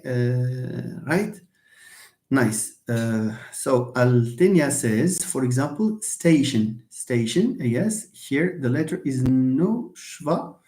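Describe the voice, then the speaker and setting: A man's voice: a little high, a little mellow. Hesitant man teaching English. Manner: hesitant, repeats words, many fillers. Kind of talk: live online lesson. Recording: echoey room.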